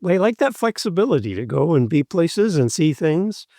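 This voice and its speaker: A man's voice: on the high side, very animated, normal speed, mellow, dry recording, clean studio sound. A man hosting a podcast, chatty, upbeat and jokey. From Canada. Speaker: podcast host. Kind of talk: casual chat.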